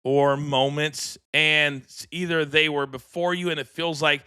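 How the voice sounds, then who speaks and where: A middle-aged man co-hosting a podcast, chatting casually and telling lively anecdotes. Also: a little high, measured pace, clean tone, no echo, clean studio sound. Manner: animated, acts out voices in anecdotes. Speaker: podcast co-host. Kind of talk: casual storytelling chat.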